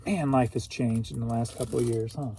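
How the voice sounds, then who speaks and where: A man's voice: mid-range voice, fairly even intonation, fairly quick, dark tone, slight background noise. A man from St. Louis, Missouri, rambling through a casual solo reseller vlog, chatty and at times emotional. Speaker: reseller vlogger.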